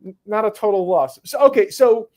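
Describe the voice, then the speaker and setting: High-voiced man interviewing casually. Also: darkish tone. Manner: quick and easygoing, stumbles over words. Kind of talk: casual conversation.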